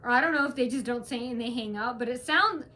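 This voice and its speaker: Woman, casual vlog rant, rambling, emphatic, high voice. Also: fast, pushed and bright. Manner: rambling, restarts often, emphatic. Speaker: vlogger.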